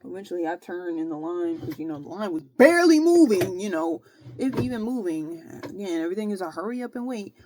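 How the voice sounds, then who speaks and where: A woman's voice: on the low side, a little fast, slight background noise. A young woman, telling a story casually in her vlog, full of slang and filler words. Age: young adult. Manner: slangy, animated retelling with frequent "bro" and "like". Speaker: vlogger.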